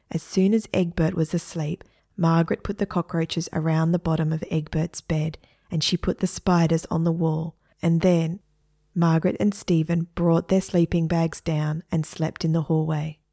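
A woman narrating a children's story expressively, dropping to hushed asides. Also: lowish voice, creaky, no echo, studio quality.

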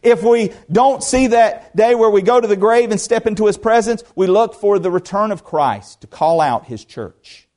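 A man preaching an expository sermon, earnest, with emphatic rises, soft drops, conversational asides and rhetorical questions to the congregation. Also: high-pitched, lively intonation, moderate pace, few pauses. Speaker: pastor.

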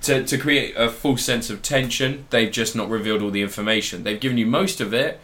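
Man, podcast co-host, bright forceful voice, rambling excitable casual review chat. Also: medium pitch, a little fast.

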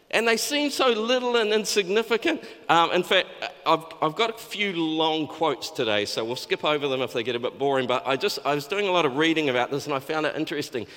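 A man's voice: high voice, animated, fairly quick, bright, forceful tone. A man preaching a sermon in a loose, conversational way, with frequent restarts and acted-out quotes. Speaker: pastor. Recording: long hall reverb.

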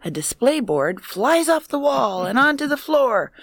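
A woman co-hosting a comedy podcast, reading odd news stories aloud in a measured way. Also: high-pitched, very animated, over a noisy crowd. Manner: measured story reading, quick to laugh.

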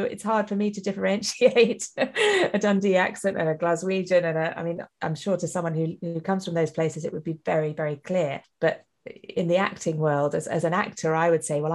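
A woman's voice: deep voice, gravelly, darkish tone. A woman audio drama director chatting in an interview, laughing often and restarting her sentences. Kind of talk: casual interview chat.

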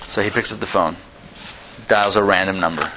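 A man gives a live lecture to a classroom audience. His voice is bright and forceful, and he speaks conversationally, restarting phrases and stopping to tell a joke. Faint noise sits under the recording. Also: low-pitched, steady tone, moderate pace. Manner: conversational, repeats and restarts, tells jokes. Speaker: rabbi teaching a class.

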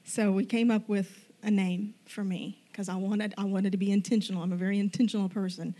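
A middle-aged woman telling a personal faith story, animated and self-deprecating, acting out the lines of the people in it. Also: medium pitch, fairly quick. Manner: animated, self-deprecating, acts out quoted dialogue.

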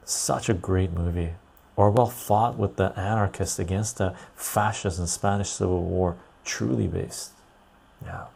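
A man's voice: sits low, fairly even intonation, measured pace, vocal fry, a little mellow, slightly rough. A man hosting a casual livestream, reading chat aloud and rambling loosely. He sounds tired and laughs easily.

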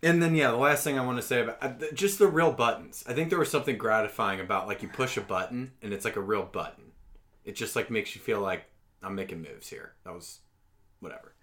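A man co-hosting a casual podcast, animated and profane, breaking into loud mock voices. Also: medium pitch, fast. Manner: animated, swears a lot, shouts mock voices. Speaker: podcast co-host.

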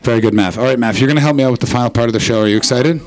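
A man's voice: mid-range voice, rapid-fire. A man from Canada doing profane, teasing crowd work as a stand-up comedian on a club stage. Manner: crude, teasing, profane banter.

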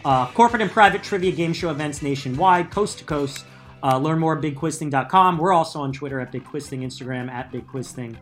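A man's voice: fairly high pitch, fairly quick, fairly bright tone, soft background music. A man co-hosting a podcast in casual chat, arguing emphatically and joking. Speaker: podcast co-host, trivia show host.

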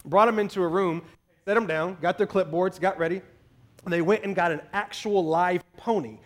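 High-voiced male pastor preaching. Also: moderate pace. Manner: storytelling, building to emphatic exclamations. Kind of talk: sermon.

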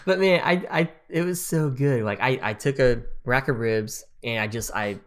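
A man's voice: mid-range voice, moderate pace, clear, resonant tone. A man in his thirties co-hosting a podcast, telling stories in a rambling, chatty way with many fillers and frequent laughs. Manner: laughs often. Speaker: podcast co-host. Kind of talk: casual chat.

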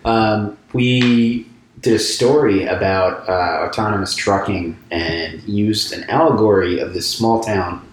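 Low-voiced man in an echoey room. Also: unhurried, a little hiss or hum. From grew up in England. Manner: enthusiastic storyteller, self-deprecating. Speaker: podcast co-host, reporter. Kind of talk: casual chat.

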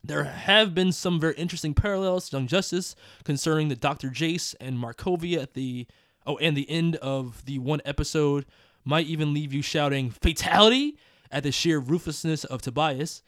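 A male podcast host reads listener emails out loud, breaking in with jokes and quick laughs. His voice sits a bit high. The recording is close and dry, with no room sound. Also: dry recording. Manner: reads aloud with joking asides, laughs often. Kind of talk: casual podcast chat.

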